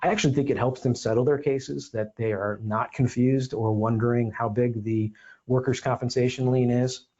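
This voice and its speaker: A man's voice: medium pitch, steady tone, moderate pace, warm tone, dull audio. A man hosting a legal explainer podcast, talking emphatically with sarcastic asides. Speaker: podcast host and defense attorney.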